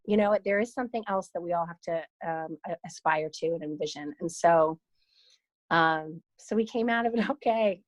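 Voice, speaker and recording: A woman of around fifty, a guest in an interview, telling a story in a casual, lively way and sometimes swearing. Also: mid-range voice, no echo, low-quality recording. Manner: lively storyteller, swears, quotes people in voices. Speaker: guest, founder and CEO of a broker-dealer.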